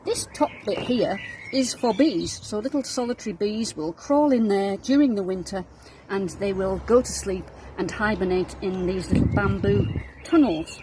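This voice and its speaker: A woman's voice: mid-range voice, moderate pace, noisy background. A woman minister with a Darlington accent, explaining things to children in a friendly manner. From North East England. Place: her garden, outdoors.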